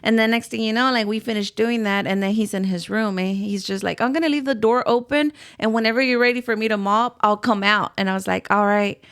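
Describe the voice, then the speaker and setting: A woman's voice: mid-range voice, brisk, few pauses, fairly bright tone, clear, resonant tone. A middle-aged woman casually telling a spooky story on a podcast, rambling and acting out quotes. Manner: rambling, swears, acts out quotes. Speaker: podcast host.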